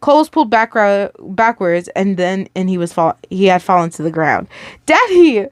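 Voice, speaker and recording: A woman's voice: fairly low pitch, normal speed, no echo, studio quality. A young woman reading a listener story aloud in a casual way, stumbling over words and stopping to react.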